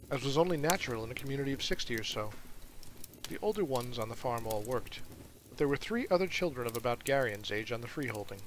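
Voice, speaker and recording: A man reads a fantasy novel aloud, earnest and unhurried. His voice sits at an ordinary male pitch. A faint hiss runs under the recording. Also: poor audio. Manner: earnest reading, with asides to listeners. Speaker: audiobook reader.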